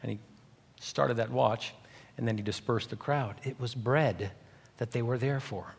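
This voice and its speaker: A man preaching a sermon, dramatic, swinging between loud, raised lines and hushed, quiet ones. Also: medium pitch, measured pace, creaky, breathy edge. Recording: long hall reverb.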